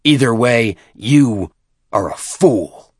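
A man's voice: mid-range voice, expressive, slow pace, a little mellow, husky, no echo, studio quality. A man voicing a fierce young male alien warrior who snarls with contempt. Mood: scornful.

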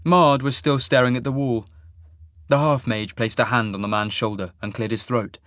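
A man reading fantasy fiction aloud in a measured, even manner. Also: mid-range voice, no room sound, clean studio sound. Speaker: audiobook narrator. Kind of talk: scripted fantasy narration.

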